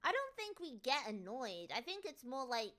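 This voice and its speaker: A woman's voice: sits high, big pitch swings, normal speed, sharp tone. A British woman streamer chatting casually and jokily as she answers viewer questions. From United Kingdom. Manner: chatty, jokey, with many restarts and playful put-on voices. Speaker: VTuber streamer.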